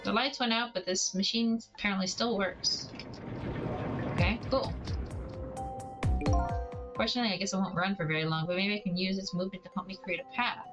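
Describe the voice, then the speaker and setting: A woman streamer talks casually through a game, sometimes reading its lines aloud and sometimes cursing at it. Her voice sits at a medium pitch. Game music plays clearly underneath her. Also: steady tone, fairly quick, long pauses, dull audio. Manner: reads game dialogue aloud between chatty, swearing reactions. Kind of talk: casual let's-play commentary.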